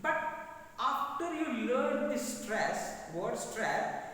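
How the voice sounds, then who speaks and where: A man with a Telugu accent lectures in a classroom at a very unhurried pace, repeating his key words. He sounds distant from the mic, with a big, long reverb around his voice. A faint room ambience sits underneath. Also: very high-pitched, sing-song, fairly bright tone, slight background noise. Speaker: English teacher. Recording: echoey hall recorded from afar.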